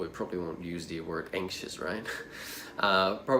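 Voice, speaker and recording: A man's voice: lowish voice, normal speed, a bit bright, slight background noise. A man coaching people with social anxiety, talking casually to the camera in a rambling, conversational way, with plenty of fillers and side remarks.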